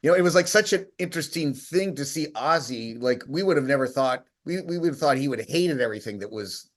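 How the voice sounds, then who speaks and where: A man's voice: mid-range voice, expressive, fast. A man co-hosting a casual chat, telling stories in a rambling way with many restarts. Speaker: co-host.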